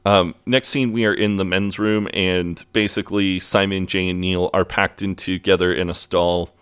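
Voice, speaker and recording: Deep-voiced man recapping a show. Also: level tone, moderate pace, fairly bright tone, clean tone. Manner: acts out characters' lines while retelling. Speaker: podcast co-host. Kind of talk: casual recap of a TV episode.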